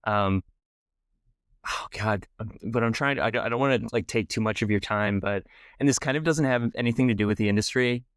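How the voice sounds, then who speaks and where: A young man tells a long self-deprecating story on a podcast, stumbling through restarts as he goes. His voice sits low and is smooth and clear. The sound is close and dry, with no room in it. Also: brisk, no room sound. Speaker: guest filmmaker. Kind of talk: casual storytelling interview.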